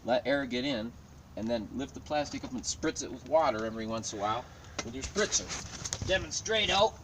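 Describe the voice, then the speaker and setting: Man, mid pitch, talking off-mic outdoors, jokey home-garden demo with self-mocking asides, noisy backdrop. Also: quick pace, far from the mic. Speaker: home gardener demonstrating plant cloning. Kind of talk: casual how-to demonstration.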